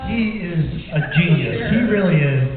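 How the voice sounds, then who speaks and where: Male voice director, panel anecdotes, lively pitch, echoey far hall, phone-quality sound, crowd noise. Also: a little slow, over loud music. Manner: joking, laughs often. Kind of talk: panel storytelling. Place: large convention hall.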